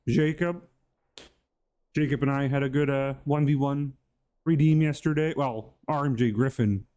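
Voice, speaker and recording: A man's voice: medium pitch, steady tone, moderate pace, mellow. A man streaming live and hosting his channel, chatting casually in a rambling, goofy way and greeting viewers by name.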